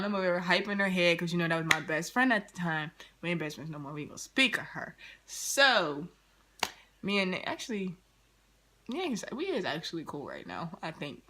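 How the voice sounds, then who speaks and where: A young woman telling a casual storytime to her viewers, animated and slangy, laughing often as she goes. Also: fairly low pitch. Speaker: vlogger.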